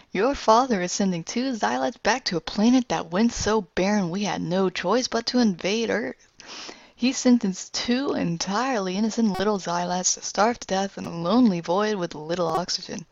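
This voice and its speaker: A woman voicing a menacing evil spirit villain, speaking slowly and theatrically. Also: mid-range voice, no echo, muffled recording, close to an everyday voice. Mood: gloating.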